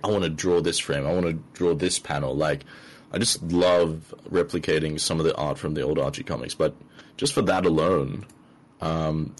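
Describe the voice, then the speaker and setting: Very low-voiced man hosting a loose, rambling podcast chat. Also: breathy edge, rough recording. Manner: rambling, lots of fillers and restarts. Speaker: podcast host. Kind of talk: casual chat.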